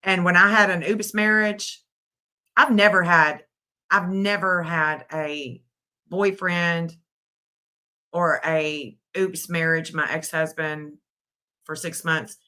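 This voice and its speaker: A woman's voice: on the low side, steady tone, slow, long pauses, sharp tone. A middle-aged woman hosting a livestream, giving emotional, scolding commentary and repeating phrases for emphasis.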